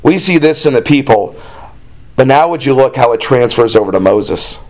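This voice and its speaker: A man's voice: medium pitch, normal speed. Man preaching a folksy sermon. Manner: folksy, conversational, with plain asides and imagined dialogue; reads scripture aloud in a raised, more animated voice.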